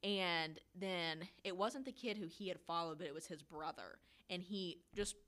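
A woman with a slightly low voice talks through a true-crime case in a loose, chatty way. She swears freely and slips into quick acted-out bits of dialogue as she goes. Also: a bit bright. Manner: profane, storytelling with acted-out quotes. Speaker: podcast co-host. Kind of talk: casual true-crime chat.

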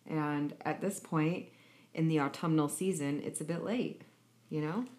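A woman in her thirties co-hosts a podcast with a lowish voice. She chats casually and teases her co-host often. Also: steady tone, measured pace, a little mellow. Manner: joking, teasing. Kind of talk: casual chat.

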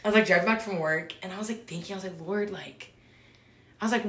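A woman's voice: medium pitch, fast talker, a bit bright. A woman who leads a small group, chatting casually about faith, rambling, filling with "like" and laughing often. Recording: roomy echo.

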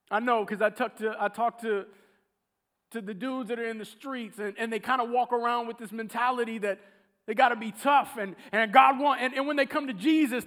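A man preaching a sermon, telling a story with animated, acted-out quotes. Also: high voice.

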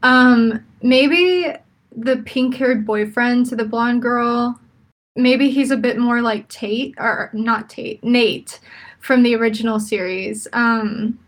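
A woman's voice: fairly high pitch, takes it slowly. Chatty opinionated young woman. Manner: chatty, opinionated, laughs often. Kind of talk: casual chat.

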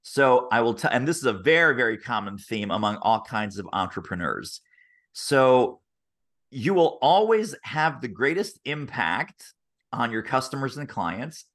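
Animated male sales guest, lively pitch. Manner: lively, acts out quoted voices with big pitch jumps. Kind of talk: animated interview storytelling. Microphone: video call.

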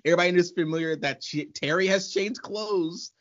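A man co-hosting a casual podcast chat, animated and exasperated, laughing often. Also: sits high, fairly quick. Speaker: podcast co-host. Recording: muffled lo-fi.

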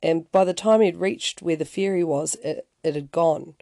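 Mellow-voiced man spinning a rambling tale. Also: fairly high pitch, normal speed, vocal fry, no echo. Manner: conversational, rambling, frequent restarts and "you know"; wry asides. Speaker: podcast host. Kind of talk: casual storytelling podcast.

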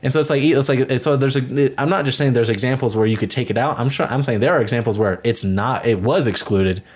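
A man's voice: mid-range voice, quick pace, slightly rough. A young man co-hosting a casual film podcast, emphatic and full of fillers. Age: young adult. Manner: profane, emphatic, filler-heavy. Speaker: podcast co-host. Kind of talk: casual chat.

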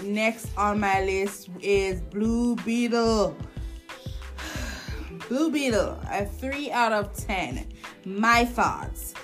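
A woman hosts a casual chat, taking her time and giving blunt opinions. She trips over her words and restarts often, at a middling pitch. Faint music plays behind her. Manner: chatty and opinionated, frequent restarts. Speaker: podcast host reviewing shows.

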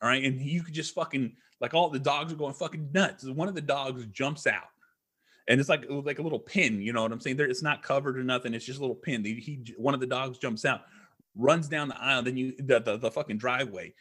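A man's voice: medium pitch, a little fast, a bit bright, slightly rough. A man who is a podcast guest, telling a rambling, profane story in casual chat.

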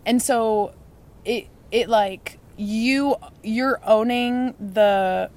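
A woman's voice: on the high side, extremely slow. A young woman being interviewed on a casual podcast. She talks freely and acts out what other people say as she tells her stories. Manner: animated storyteller, acts out other people's lines. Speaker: interview guest.

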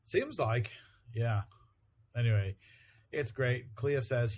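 A man's voice: mid-range voice, expressive, slow, long pauses, a little mellow. A man co-hosting a chat show, casually retelling a comic book story and briefly voicing characters in quotes. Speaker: podcast co-host.

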